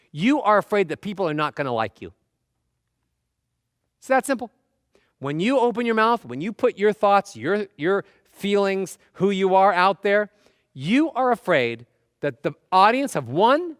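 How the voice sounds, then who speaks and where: A man's voice: high voice, dry recording, studio quality. A man giving a motivational talk, firing off rhetorical questions and acting out the nervous voices in a person's head. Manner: animated, fires rhetorical questions; acts out nervous inner voices. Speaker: motivational speaker.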